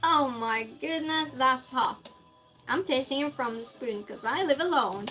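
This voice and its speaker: A woman with a high, light voice chats unhurriedly with her livestream audience from her home kitchen. She talks to herself and to her viewers as she works, and clear music plays in the background. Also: measured pace, bright, forceful tone. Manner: chatty, talks to herself and to chat while cooking. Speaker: streamer. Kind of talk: casual livestream chat while cooking.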